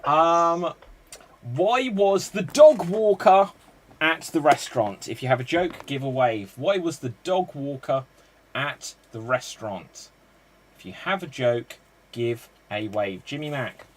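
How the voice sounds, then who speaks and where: Male emcee for a streamed improv show, brisk and joking, a bit high-pitched. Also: expressive, slight background noise. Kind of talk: live streamed improv hosting.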